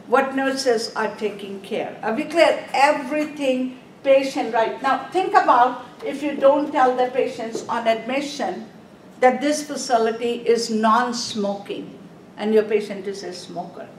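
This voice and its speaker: A woman's voice: a little high, measured pace. A woman teaching a nursing exam review class, emphatic and repeating her points, with non-native English grammar. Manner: emphatic, repeats "Are we clear?". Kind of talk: classroom lecture. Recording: echoey room, voice from far off, faint background noise.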